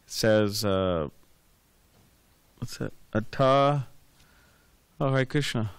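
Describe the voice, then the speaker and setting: A man's voice: lowish voice, takes it slowly, smooth, no echo. A man giving a scripture class, rambling and repeating words with many fillers, telling anecdotes. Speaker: class speaker.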